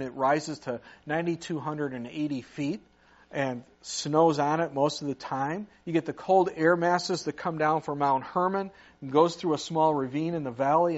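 Male pastor, fairly high voice, casual preaching style, muffled low-fi recording. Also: moderate pace. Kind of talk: sermon.

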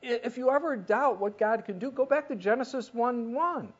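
A preacher giving a sermon in an animated way, often putting questions to the listeners. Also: medium pitch, normal speed, slightly rough. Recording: dull lo-fi recording.

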